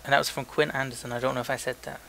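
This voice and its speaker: A man's voice: medium pitch, little pitch movement, very fast, vocal fry, a bit bright, a little hiss or hum. A young man co-hosting a casual podcast, reading listener emails aloud in a joking, loose way with frequent stumbles. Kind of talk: casual chat.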